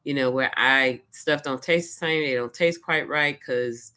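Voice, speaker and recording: A woman from Louisiana, her voice unusually deep for a woman. She talks casually to her vlog camera, retelling events with lively quoted asides. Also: measured pace. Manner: chatty, animated retelling with quoted asides and laughs. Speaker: vlogger. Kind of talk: casual personal storytelling.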